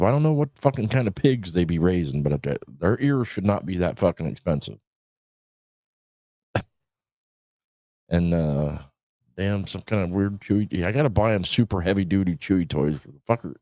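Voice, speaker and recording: A man's voice: deep voice, animated, a little slow, pauses often, dark tone, dry recording. A middle-aged man hosting a casual livestream, rambling, swearing and laughing as he talks. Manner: rambling, profane, laughs often. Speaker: podcast host. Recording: dull lo-fi stream audio.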